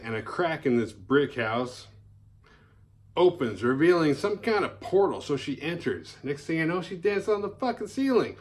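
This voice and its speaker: A man casually recapping a horror film, swearing freely and acting out the characters' lines in exaggerated voices. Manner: animated, profane, acts out characters' lines in high voices.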